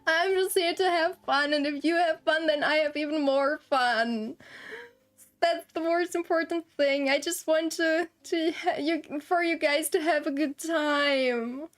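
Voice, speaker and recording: This young woman streamer talks in an unhurried, high-sitting voice, casually rambling to her chat with frequent giggles and easy embarrassment. Faint music plays behind her, and she uses a desktop streaming mic, no camera.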